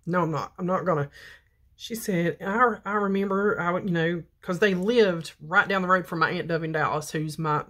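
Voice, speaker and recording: A woman talks casually to her viewers while she applies makeup. She tells a long personal story in a loose, rambling way and keeps stopping to name the products she is using. Her voice sits a little low for a woman. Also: moderate pace, a bit bright. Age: 50s. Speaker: beauty vlogger.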